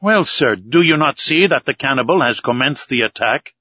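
A man's voice: mid-range voice, lively intonation, moderate pace, husky, dry recording. A man voicing an earnest, devoted young manservant who respectfully calls his master sir. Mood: alarmed. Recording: dull, dry recording.

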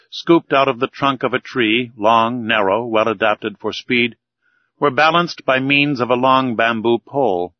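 A man narrating an audiobook in a steady, measured reading. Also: medium pitch, no room sound. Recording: dull, dry recording.

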